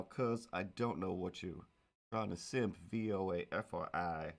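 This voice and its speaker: A man's voice: deep voice, slow pace, gravelly, long pauses. A man chatting casually on a livestream while drawing, rambling with self-mocking, playful asides. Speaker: streamer.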